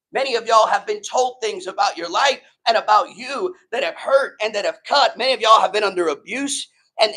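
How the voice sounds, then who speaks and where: A man's voice: sits high, a bit bright, low-quality recording. A man preaching a sermon in a casual, emphatic way, often checking in with the congregation. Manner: emphatic, conversational preaching with frequent "right?" and "man". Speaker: pastor.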